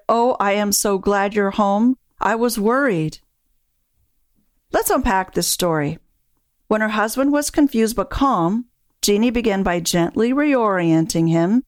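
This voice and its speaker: A woman who coaches dementia caregivers, giving a calm, measured scripted narration. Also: medium pitch, dry recording, clean studio sound.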